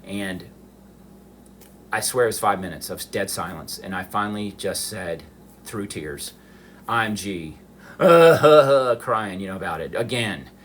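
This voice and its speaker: A middle-aged man with a fairly low voice recounts a painful chapter of his life on a phone livestream. He speaks emotionally and haltingly, often stopping and restarting his sentences. A faint hum of the room sits behind him. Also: lively intonation. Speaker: livestream host. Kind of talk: personal storytelling on a livestream.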